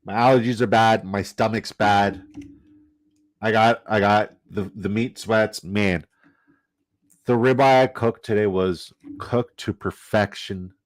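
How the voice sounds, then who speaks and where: A man's voice: on the low side, fairly even intonation, takes it slowly. A man chatting casually and profanely on a live stream while drafting fantasy football, joking and laughing as he trash-talks the other players.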